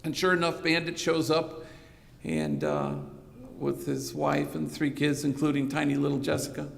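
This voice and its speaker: A priest giving a conversational keynote speech, telling stories in an anecdotal manner with a bit of slang. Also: male voice, a little high, moderate pace, vocal fry. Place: conference hall. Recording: reverberant hall recording.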